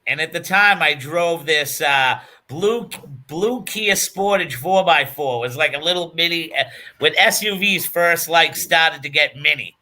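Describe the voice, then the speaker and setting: Male podcast host, high bright voice, unhurried laughing storyteller. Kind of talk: casual chat.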